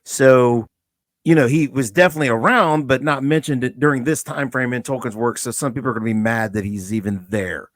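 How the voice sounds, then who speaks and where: A man with a medium voice in a relaxed podcast chat. He explains things loosely and with fillers, and the sound is dry and close. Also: mid-range voice, fairly quick, no echo. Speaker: podcast co-host. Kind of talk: casual review chat.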